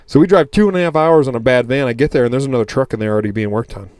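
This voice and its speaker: A man's voice: medium pitch, very fast, a little mellow, no echo. A young man co-hosting a casual podcast, blunt and profane, telling stories with quoted dialogue, sounding tired. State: tired, burned out. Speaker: podcast co-host. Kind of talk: casual chat.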